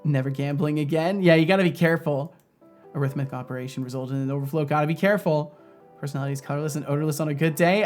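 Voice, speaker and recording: A man's voice: on the high side, rapid-fire, darkish tone, soft background music. A man streaming as a game developer, chatting casually, rambling and laughing often as he reads chat aloud.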